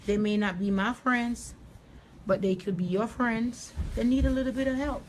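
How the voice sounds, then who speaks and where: A woman's voice: fairly high pitch, steady tone, moderate pace, slight background noise, poor audio. A woman with a Jamaican accent, hosting a chatty live hair tutorial and calling viewers honey. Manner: sassy, calls listeners honey. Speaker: hairstylist host.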